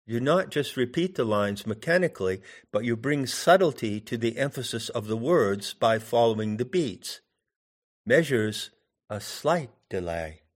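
A man teaching in a deliberate way, pausing to put questions to the listener. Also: medium pitch, expressive. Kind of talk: meditative teaching talk.

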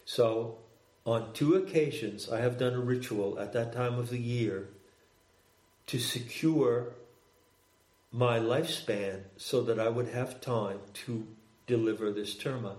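An older man speaks in a measured, deliberate way as he tells a reflective personal story. His voice sits at an ordinary middle pitch. The room is roomy and echoey around him. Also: a little mellow. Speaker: guest, spiritual practitioner. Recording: roomy echo.

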